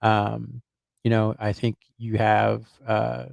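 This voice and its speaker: Low-voiced man musing on a podcast. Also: monotone, slow, vocal fry, a little mellow, no room sound. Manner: hedging, thinks aloud with many fillers and restarts. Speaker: basketball reporter. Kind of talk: casual podcast chat.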